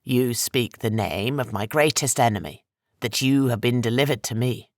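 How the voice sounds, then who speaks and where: A man voicing an ancient, menacing sorcerer with slow, heavy, rasping speech for an audiobook. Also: mid-range voice, no echo, studio quality, natural voice.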